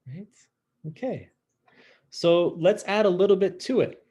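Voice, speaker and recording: A man teaching a French class online, modeling pronunciation in an exaggerated, lively way over a video call. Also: a little high, moderate pace, husky. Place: home, virtual class. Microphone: computer mic on a video call.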